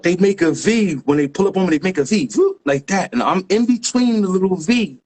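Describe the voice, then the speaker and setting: A man, a graffiti writer guest telling a story in lively street slang with sound effects. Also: sits high, fairly quick. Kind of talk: animated storytelling.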